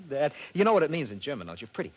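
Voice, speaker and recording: A man's voice: on the high side, very animated, fast talker. An actor playing a wheedling, salesy Hollywood publicity man in a 1950s radio drama, on an old, dull broadcast. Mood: pushy. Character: pushy fast-talking Hollywood publicity man.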